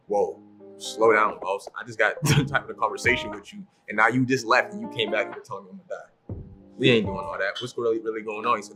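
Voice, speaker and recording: Over music, a man with a fairly low voice talks briskly as a podcast guest, telling a story casually. He's animated, acting out what other people said in the story and laughing often.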